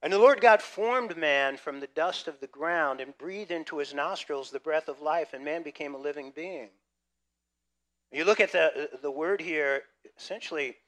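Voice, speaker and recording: A man preaching a sermon, lively and conversational, swinging between loud emphasis and quiet asides. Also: on the high side. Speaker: pastor.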